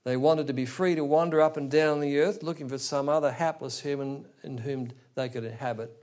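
A man's voice: medium pitch, steady tone, a little fast, a little mellow. A man preaching a sermon, explaining a scripture passage verse by verse with rhetorical asides to his listeners. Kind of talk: expository sermon.

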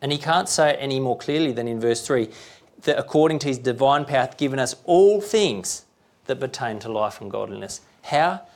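A man's voice: medium pitch, lively intonation, fairly quick, a little mellow. A man preaching a sermon, talking conversationally and checking in with rhetorical questions.

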